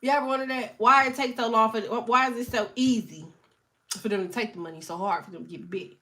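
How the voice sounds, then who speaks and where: Laughing, animated woman streamer with allergies. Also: fairly high pitch, quick pace. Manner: animated, joking, swearing, laughs often. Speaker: livestream host. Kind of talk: casual livestream chat.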